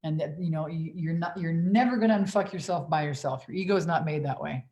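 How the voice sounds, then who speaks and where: A woman's voice: sits low, fast talker, mellow. A woman in her forties, a business coach on a livestream Q&A, talking in a blunt, profane, emphatic way. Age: 40s.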